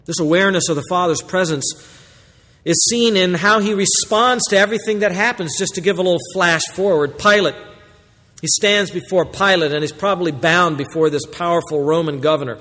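A man preaching a sermon as pastor, moving between hushed, quiet lines and loud, excited exclamations. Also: high-pitched, fairly quick, in a large hall.

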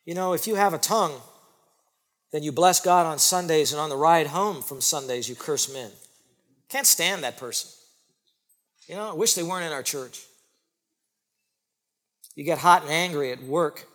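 Male pastor with a high voice, emphatic sermon delivery with loud and hushed turns, long hall reverb. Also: moderate pace, pauses often. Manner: emphatic, repeats phrases for stress, swings from loud to soft.

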